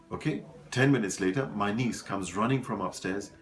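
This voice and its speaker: A man's voice: mid-range voice, normal speed, few pauses, soft background music. A man giving a motivational talk, telling stories and speaking to his listeners as folks, repeating words for emphasis. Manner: animated storyteller addressing listeners as folks.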